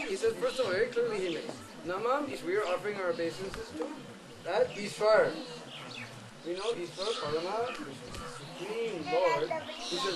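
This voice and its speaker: Male devotional speaker, high-pitched, dramatic storytelling, outdoor crowd noise. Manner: animated, dramatic storytelling with chanted phrases. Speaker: pilgrimage speaker. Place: outdoor holy site with a group.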